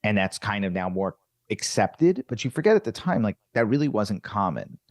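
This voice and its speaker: Telling stories as a guest in casual conversation, a comedian from Virginia, USA, uses a lowish voice at a moderate pace. The recording is dry and studio quality, and he animatedly performs the quoted back-and-forth.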